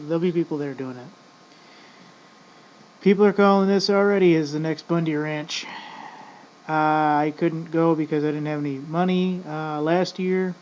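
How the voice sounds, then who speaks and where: A man's voice: fairly high pitch, fairly even intonation, normal speed, a little mellow. A man in casual ranting commentary, rambling and profane, often addressing "folks". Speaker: vlogger. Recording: dull lo-fi audio with faint noise.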